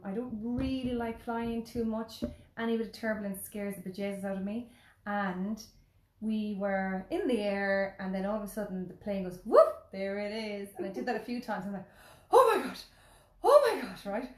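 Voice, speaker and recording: An Irish woman telling a story in casual, animated chat, full of "like" and the odd swear word. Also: mid-range voice. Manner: animated, chatty, peppered with swearing and "like". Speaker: podcast host. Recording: roomy echo.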